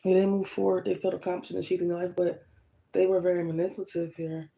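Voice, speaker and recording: Tarot reader lady, gravelly fry in her voice, blunt, keeps saying okay? to the viewers. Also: lowish voice, level tone, fast talker, warm tone, rough recording. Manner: blunt and emphatic, checks in with "okay?". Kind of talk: tarot reading to camera.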